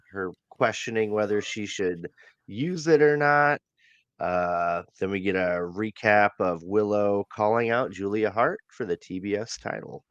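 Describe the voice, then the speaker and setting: Man, low voice, slow unhurried pace, casual podcast recap, dry close sound. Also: clean tone, no room sound, muffled recording. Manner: relaxed recap with many ums and uhs, laughs easily. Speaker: podcast co-host. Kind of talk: casual wrestling review chat.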